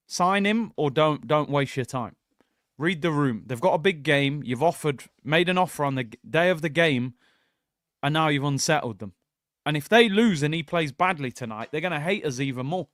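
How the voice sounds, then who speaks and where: High-voiced man ranting to viewers. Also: lively intonation, normal speed, fairly bright tone, dry recording, clean studio sound. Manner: exasperated, ranting, keeps addressing viewers as people. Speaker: fan channel host. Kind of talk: live football watchalong rant.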